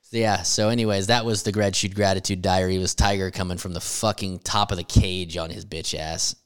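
Brief: young male podcast co-host, low voice, loose profane banter. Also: steady tone, fairly quick, smooth. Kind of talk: casual chat.

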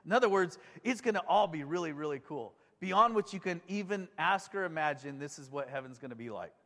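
A man's voice: on the high side, expressive, fairly quick, pushed and bright, long reverb tail. A man preaching a sermon in a conversational and enthusiastic way, often putting questions to his congregation. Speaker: pastor.

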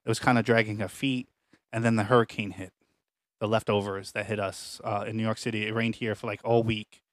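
A man's voice: fairly low pitch, fairly quick, no echo. Man telling a story, casual and dry. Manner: rambling, frequent restarts, animated retellings. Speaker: podcast co-host. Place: home apartment.

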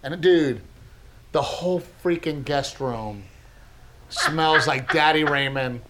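A middle-aged man co-hosting a podcast, telling funny stories in a casual, animated way and acting out other people's lines. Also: on the high side, takes it slowly, noisy background. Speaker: podcast co-host. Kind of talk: casual storytelling chat.

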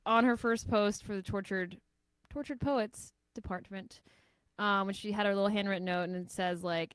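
A woman's voice: mid-range voice, steady tone, normal speed, smooth, dry recording. A woman co-hosting a podcast, musing aloud in loose casual chat with many fillers. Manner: loose, filler-heavy, speculative talk. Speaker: podcast co-host.

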